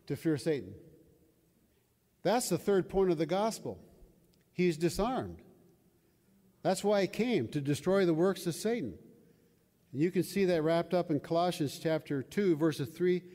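A man's voice: fairly high pitch, lively intonation, measured pace, long pauses, mellow. Older man preaching in a reverberant hall. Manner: conversational, asks the audience questions. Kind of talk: sermon.

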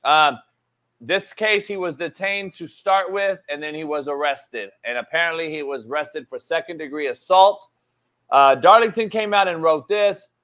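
A male sports talk host speaks with a slightly higher-than-usual voice, live on his show. He delivers the news in an animated, emphatic rush, drops casual swear words and repeats his key points to drive them home. His tone is loose, off-the-cuff commentary rather than scripted reading. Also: normal speed.

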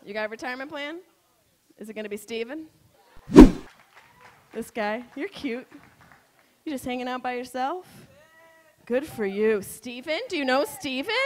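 A woman's voice: high-pitched, expressive, normal speed, long pauses, noisy background. A woman doing a brash, profane stand-up set, bantering with the crowd from a comedy club stage.

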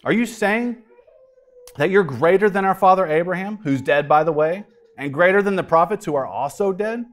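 A scornful crowd of ancient religious men, as a preacher puts them on, pitched high above his usual speaking voice and pushing loud. They jeer in disbelief, their voices climbing toward shouts, with a storybook-retelling feel. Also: animated, normal speed. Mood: indignant. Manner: incredulous, mocking, rising to shouts.

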